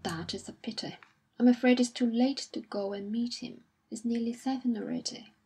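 A woman reading the part of a kindly, fussy elderly retired army colonel in an audiobook, with a breathy voice. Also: on the high side, fairly even intonation, normal speed, mellow. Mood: cheerful.

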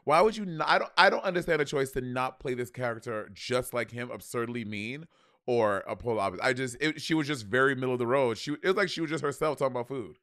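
A man's voice: mid-range voice, fast talker, fairly bright tone, dry recording, studio quality. A man co-hosting a casual podcast review of a TV show, blunt and salty, laughing often. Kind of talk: casual chat.

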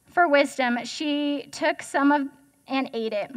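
A woman's voice: sits high, slow. A young woman giving a casual, chatty sermon as guest speaker, joking and asking the audience questions.

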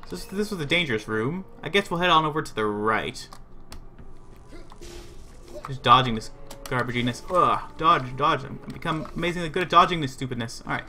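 A man's voice: fairly high pitch, bright, forceful tone. A man livestreaming a video game, giving rambling play-by-play commentary to himself and his chat. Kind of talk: live gameplay commentary.

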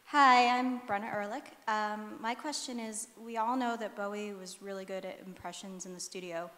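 A woman from the audience asking a guest a soft, tentative question at a public talk. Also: medium pitch, steady tone, normal speed, a little hiss or hum. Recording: distant in a reverberant hall.

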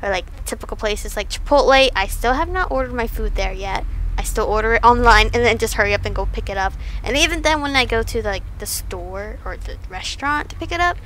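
A woman's voice: on the high side, expressive, a little fast, a bit bright, slight background noise, poor audio. A young woman commenting nervously as she plays a game for her channel, chatting about herself and admitting she is scared. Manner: nervous, jittery, easily frightened chatter. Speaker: gaming YouTuber. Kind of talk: let's play commentary.

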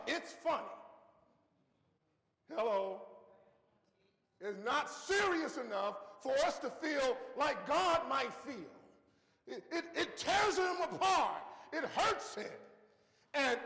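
High-voiced preacher in an echoey church. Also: male voice, a bit bright. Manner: folksy storytelling with frequent "okay?" check-ins. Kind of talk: sermon. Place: church sanctuary.

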